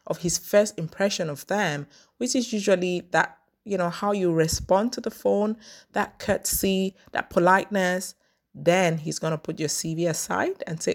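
A young woman from Cameroon telling a personal story and giving career advice in a casual, animated vlog, often acting out phone calls. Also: fairly low pitch. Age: young adult. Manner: animated, acts out phone calls, frequent restarts and fillers.

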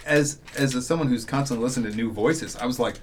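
A man's voice: medium pitch, fast, a little hiss or hum. A man in casual podcast conversation, telling stories animatedly, acting out quotes and using many fillers. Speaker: podcast guest, audio drama author.

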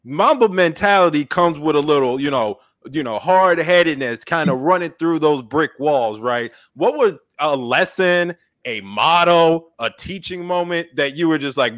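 A male host with a fairly high voice that swings widely in pitch. He teases his guest and asks questions in loose, slangy speech. His manner is easygoing and conversational. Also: lively intonation, normal speed, hardly any pauses, fairly bright tone, no room sound, studio quality. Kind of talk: casual interview chat.

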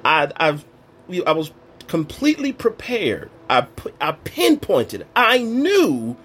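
A man's voice: on the high side, a bit bright, slight background noise. A man giving an emotional personal faith testimony, questioning and acting out bits of dialogue, his voice a little strained. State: voice strained, recently lost.

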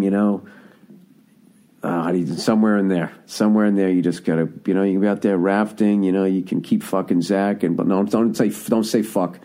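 Low, mellow-voiced man ranting profanely. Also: fairly quick. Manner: profane, animated, riffs and corrects himself. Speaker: podcast host. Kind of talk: rambling comedic monologue.

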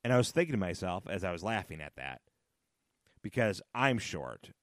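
A man's voice: deep voice, sing-song, moderate pace, dry recording, clean studio sound. A man hosting a casual solo podcast, chatty and rambling, often laughing at his own jokes and repeating phrases for emphasis. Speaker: podcast host.

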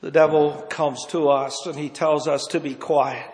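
A man with a high voice preaches a sermon and reads old-fashioned scripture aloud. He swings from hushed, low lines up to loud, impassioned cries. His voice rings with the long reverb of a large hall. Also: steady tone, measured pace.

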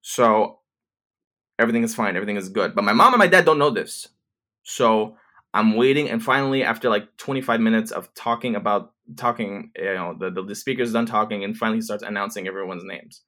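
Speaking to camera, this twenty-something man has a lowish voice that sounds pushed and bright. His retelling is quick and loose, full of profanity and constant restarts.

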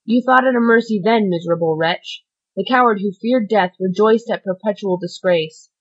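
A woman voicing a stern, solemn male priest who speaks in a grave, measured, admonishing way. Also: mid-range voice, highs cut off, lightly acted.

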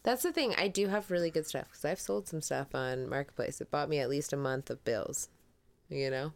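A woman's voice: sits low, moderate pace, gravelly. A woman co-hosting a casual podcast chat, laughing often and swearing freely, with a sore throat. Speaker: podcast co-host.

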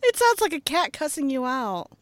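A woman's voice: high-pitched, big pitch swings, normal speed, no echo. Joking woman co-host, dry close sound. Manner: joking, chatty, asks questions. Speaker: podcast co-host. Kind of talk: casual chat.

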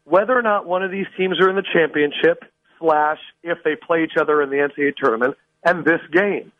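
A man's voice: brisk, no room sound, narrow, tinny audio. Mock-dramatic male sports guest. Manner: animated, mock-dramatic, swings in pitch. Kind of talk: theatrical comic storytelling on sports radio.

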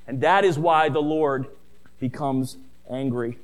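A middle-aged man preaching a sermon who tells stories, calls his listeners family, and rises in pitch and volume on key points. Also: slow pace. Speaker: pastor.

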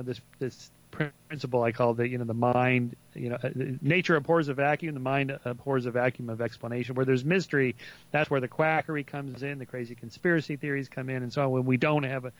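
A man's voice: medium pitch, a bit bright. A man speaking as a guest author in a casual radio interview, hesitant and full of fillers and restarts.

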